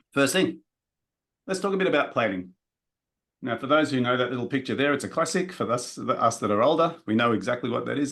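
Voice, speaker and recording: Man, business seminar, energetic, direct, addresses the room. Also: mid-range voice. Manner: energetic, direct, talks to the audience. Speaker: business coach presenting a workshop. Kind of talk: live seminar presentation.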